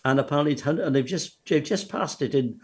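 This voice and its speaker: Husky-voiced chatty man co-host. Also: on the high side, fast. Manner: chatty, trailing tag questions. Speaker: show co-host. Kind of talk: casual chat.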